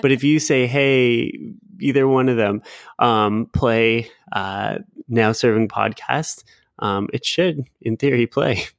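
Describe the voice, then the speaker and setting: A man's voice: mid-range voice, slow, vocal fry, dry recording, clean studio sound. A man co-hosting a podcast in loose, casual chat, swearing and laughing easily. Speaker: podcast co-host.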